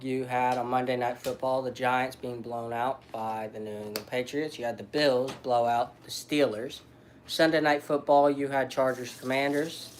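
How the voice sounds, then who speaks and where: A man's voice: mid-range voice, normal speed, a little hiss or hum. Man listing sports scores. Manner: steady listing of game results. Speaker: family member recapping sports. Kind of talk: casual sports recap.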